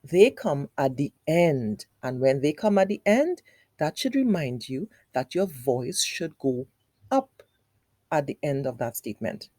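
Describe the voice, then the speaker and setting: A woman's voice: deep voice, sing-song, measured pace, warm tone, no echo. A woman teacher giving a lesson to young children. She speaks directly to them, step by step and with repetition, using exaggerated, sing-song intonation. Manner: patient, explains step by step with repetition.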